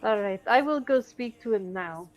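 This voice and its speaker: A woman's voice: a little high, lively intonation, normal speed, faint music behind, poor audio. A woman playing her character in a tabletop game, speaking hesitantly with stammers. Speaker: player. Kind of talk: in-character tabletop role-play.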